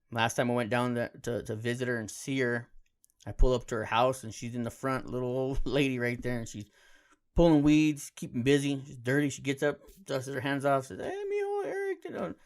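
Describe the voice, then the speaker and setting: A man hosting a podcast on his own, telling personal stories in a laid-back, heartfelt way, peppered with casual slang. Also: medium pitch. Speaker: podcast host. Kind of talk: casual solo podcast storytelling.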